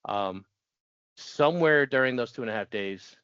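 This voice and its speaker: A man in his forties telling his story as a podcast guest, chatty and quick to laugh, often restarting sentences. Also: medium pitch, expressive, a bit bright, clean tone, no echo. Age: 40s. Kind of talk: casual storytelling interview. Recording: dull dry lo-fi audio.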